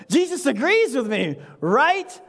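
A man's voice: very high-pitched, big pitch swings, slow pace, vocal fry, a bit bright. A man giving a sermon as pastor, talking in a conversational way, often checking in with "right?" and chuckling between points.

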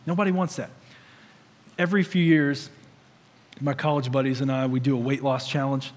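A man's voice: mid-range voice, steady tone, normal speed, big-room sound. A man in his thirties preaching a sermon in a conversational way, with humorous stories. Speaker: pastor.

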